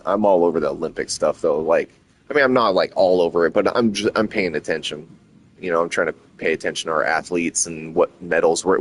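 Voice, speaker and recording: A low-pitched man chats casually on a stream. He rambles and swears freely, his talk running hot with excitement. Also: a little hiss or hum. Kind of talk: casual chat.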